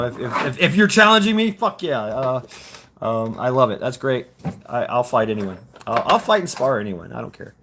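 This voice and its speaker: A man in his fifties hosts a loose, casual livestream, talking straight to his viewers. His voice is bright and forward, with a middling pitch. He rambles, swears often and trips over repeated words as he works his way through a thought. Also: slight background noise. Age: 50s. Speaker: livestream host reading chat.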